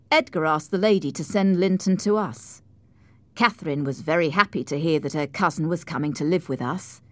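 A woman narrating an audiobook in a clear, measured storytelling manner, close to the mic. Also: low voice, no room sound.

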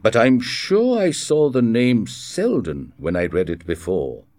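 A man's voice: lowish voice, huge pitch swings, a little slow, darkish tone, no room sound. A man reading a storybook voices a blunt prison governor, speaking in a brusque, commanding way.

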